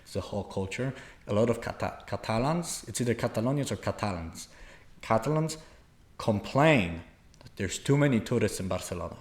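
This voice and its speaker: A man's voice: fairly low pitch, lively intonation, a little fast. A young man from Poland telling a long, rambling story in a casual podcast chat, full of fillers and restarts. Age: young adult. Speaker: podcast co-host.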